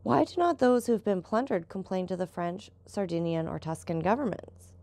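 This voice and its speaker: A woman voicing an eager, quick-tempered young gentleman traveler who keeps asking questions. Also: medium pitch, lively intonation, dry recording, natural voice.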